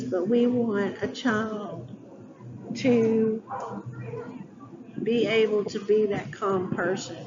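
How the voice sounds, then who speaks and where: A woman educator giving an instructional talk to teachers, deliberate and spelling words out letter by letter. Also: mid-range voice, steady tone, crowd noise. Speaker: early childhood educator. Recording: dull lo-fi sound with clear background ambience.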